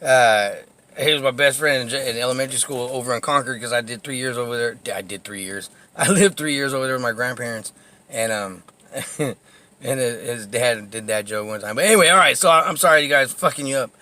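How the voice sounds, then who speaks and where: A man's voice: mid-range voice, fairly quick, bright, forceful tone. A tipsy man walking through his old neighborhood, telling rambling, profane stories into a handheld phone and laughing often between phrases. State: tipsy, buzzed. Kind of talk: casual rambling storytelling. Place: outdoors on a neighborhood street and alleyway.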